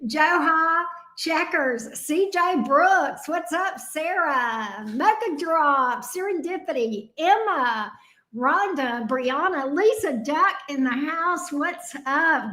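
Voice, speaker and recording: A Southern woman with a high voice hosts a live tarot reading, greeting viewers one by one. She talks slowly and warmly in a relaxed drawl. The room around her is echoey. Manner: chatty, greets viewers by name, drawn-out drawl. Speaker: tarot reader host. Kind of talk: livestream chat.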